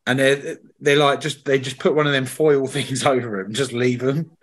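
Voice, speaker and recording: Man, podcast host, mid pitch, casual slangy storyteller. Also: steady tone, moderate pace. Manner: chatty storyteller, swears, slangy. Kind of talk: casual chat.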